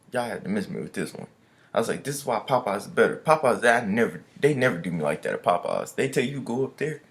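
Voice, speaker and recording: A man's voice: medium pitch, gravelly, fairly bright tone. A young man vlogging a casual storytime rant, loose and chatty, full of "I was like" and slang.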